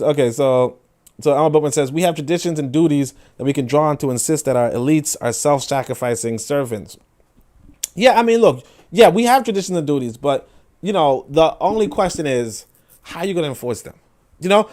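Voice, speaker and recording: A young man hosting a book-reading show, giving animated casual commentary, full of restarts and mocking acted-out voices. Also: sits high. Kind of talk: casual commentary on read passages.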